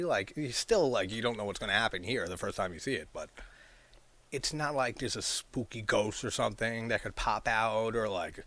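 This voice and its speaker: Low-voiced man rambling about a film. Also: normal speed, sharp tone. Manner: rambling, fills with "like", laughs often, swears freely. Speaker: horror movie reviewer. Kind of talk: casual film discussion.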